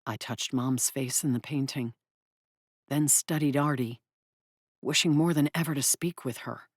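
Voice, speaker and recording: A woman narrating an audiobook in the first person, in an expressive, brisk way. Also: rumbling low, no echo, clean studio sound.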